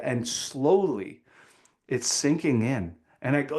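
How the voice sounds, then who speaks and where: A man in his forties from Canada, telling a personal story as a podcast guest in a lively, dramatic way. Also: mid-range voice, moderate pace. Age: 40s.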